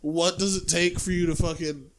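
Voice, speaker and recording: A man hosting a podcast, chatting casually in an excitable, gushing way with plenty of swearing. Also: fairly high pitch, normal speed, background noise. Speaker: podcast host. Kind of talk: casual chat.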